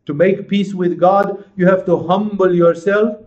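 Male spiritual teacher, fervent and rhetorical, a touch high-pitched; muffled lo-fi recording. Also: steady tone, unhurried, darkish tone. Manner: passionate, rhetorical questions, acts out inner voices. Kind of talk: sermon-like lecture.

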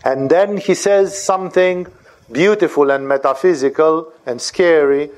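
Male spiritual teacher, fairly high voice, lively and rhetorical, lecturing on scripture. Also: measured pace. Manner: animated, rhetorical, asks "No?" for agreement.

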